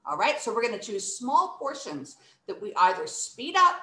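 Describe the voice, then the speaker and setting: A bright, animated woman teacher leads a playful recitation lesson, her pitch swooping high and low. She talks slowly and leans hard on single words to show emphasis. The sound is roomy, with a clear echo around her. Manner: animated, exaggerated emphasis, slow deliberate demonstrations.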